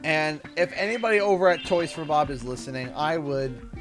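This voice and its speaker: A man from Canada giving casual, chatty livestream commentary while playing a game, animated and playful. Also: a little high, a little fast, over music. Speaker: streamer.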